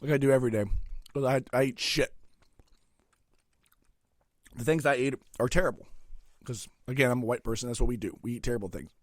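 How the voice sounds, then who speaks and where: A middle-aged man hosting a podcast alone, ranting crudely and profanely with sudden loud outbursts while eating. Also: mid-range voice, a little fast, pauses often, dry recording. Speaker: podcast host. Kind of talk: solo comedic rant.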